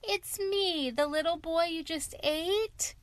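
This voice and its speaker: A woman's voice: expressive, normal speed, dry recording. A woman voicing a tiny, brave, cheeky thumb-sized boy in a storybook reading, calling out eagerly. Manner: high, eager, calling out loudly.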